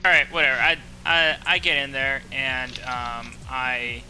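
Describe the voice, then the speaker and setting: A man playing a tabletop game, describing his character's attack in an animated, stumbling way with swearing. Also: mid-range voice, unhurried, soft background music. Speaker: player.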